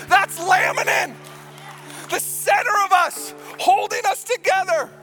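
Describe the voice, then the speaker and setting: A man preaching a sermon as a pastor in a church, telling a story and building to excited, animated emphasis. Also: very high-pitched.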